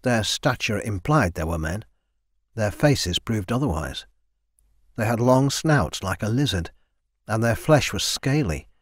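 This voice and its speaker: A man narrating a fantasy audiobook in a steady, measured way, close to the mic. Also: fairly low pitch, no echo. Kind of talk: scripted narration.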